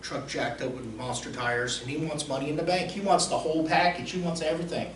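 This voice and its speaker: A man's voice: a little high, little pitch movement, fairly quick. Emphatic man giving a motivational talk. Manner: emphatic, repetitive, swings between soft and loud. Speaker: motivational coach. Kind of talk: motivational speech with stories. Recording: roomy echo, distant mic, faint noise.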